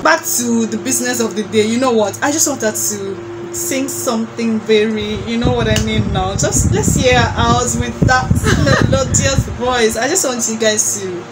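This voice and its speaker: Young female vlog host, raised pitch, effusive chat over clear ambient noise. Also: normal speed, hardly any pauses. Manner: gushing, repeats herself with fillers.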